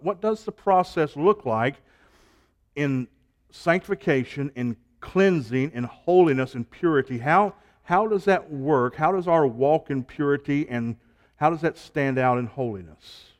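Preacher building emphatic lists. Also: male voice, animated, a little slow. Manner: rising to emphatic repeated lists, then dropping low. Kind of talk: sermon.

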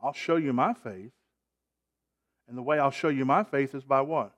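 A man preaching a sermon, emphatic, with call-and-response and loud rising peaks. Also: mid-range voice, normal speed.

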